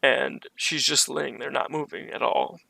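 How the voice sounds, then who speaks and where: Gravelly, flat-voiced man telling a story. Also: medium pitch, a little slow. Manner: rambling, conversational retelling with restarts. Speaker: streamer. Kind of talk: casual storytelling on a live stream. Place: his bedroom at home.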